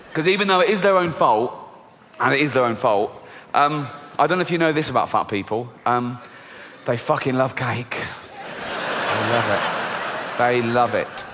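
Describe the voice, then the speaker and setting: A middle-aged man with an English accent doing a stand-up comedy set, swearing and mocking, acting out voices with big jumps in pitch. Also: noisy background. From England. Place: large theatre stage before a laughing audience. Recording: live hall with long reverb.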